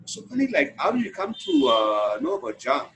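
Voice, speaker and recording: A man's voice: on the high side, big pitch swings, moderate pace, fairly bright tone, breathy edge. A man from India, a sales trainee practicing a sales call, talking in a hesitant, rambling way full of fillers.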